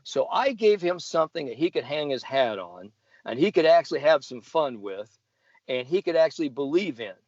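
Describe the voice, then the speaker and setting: Older man, podcast storyteller, lively quoted voices, dry muffled sound. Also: on the high side, normal speed, no room sound. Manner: animated storyteller acting out quoted people. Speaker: golf sports psychologist guest. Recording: dry, slightly dull podcast audio.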